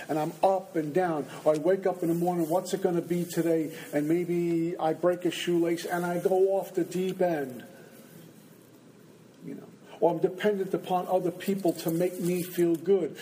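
A man's voice: fairly high pitch, dark tone, a little hiss or hum, low-quality recording. A man speaking at a recovery meeting, telling humorous, self-mocking stories to a live audience and acting out his inner voices. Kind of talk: storytelling talk to a live audience. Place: indoor meeting room with an audience.

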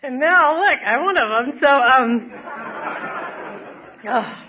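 A woman with a high, slightly breathy voice and lively intonation speaks very slowly, standing before an audience to give personal testimony about her recovery. She rambles with many fillers and self-mocking laughs; the audio is dull, with a faint crowd audible.

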